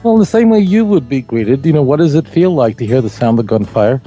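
A man's voice: mid-range voice, animated, fairly quick, warm tone, faint music behind. Wisecracking Brooklyn man on a dull line. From New York. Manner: wisecracking, dry humor. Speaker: guest rabbi. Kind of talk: casual chat.

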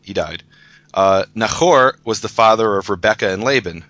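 A guest teacher of Hebrew scripture, a man with a lower pitch and a bright, forceful tone, patiently guides listeners through a passage in a casual discussion, often restarting sentences as he explains. He talks at a normal speed, and the muffled recording sounds dry and close, with no room sound.

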